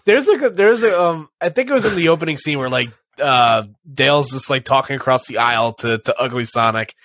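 A man's voice: mid-range voice, expressive, brisk, fairly bright tone, no room sound. Male podcast co-host, rambling delivery, dry recording. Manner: rambling, lots of restarts. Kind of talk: casual chat.

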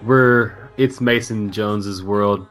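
A man's voice: on the low side, fairly even intonation, takes it slowly, fairly bright tone, faint music behind. A man from South Arkansas with a Southern accent, co-hosting a sports podcast, joking and trash-talking playfully. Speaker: podcast co-host. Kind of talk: casual sports chat.

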